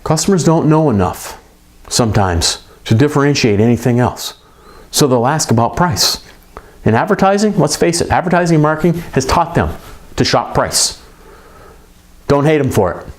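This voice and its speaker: A middle-aged man coaching repair shop owners in an emphatic, conversational way with quick asides. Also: medium pitch, expressive. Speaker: business coach for repair shops.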